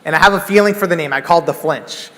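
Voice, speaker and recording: A man giving a keynote talk, telling a story with lively, acted-out exclamations. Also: on the high side, fast, big-room sound. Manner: animated, acts out scenes with loud exclamations. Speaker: keynote speaker. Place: large hall.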